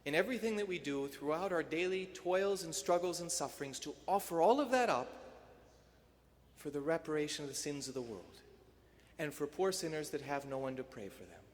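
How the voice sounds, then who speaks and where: Male priest, sermon, fairly high voice, rhetorical build-ups, long church echo. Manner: rhetorical, building to emphatic peaks then dropping soft.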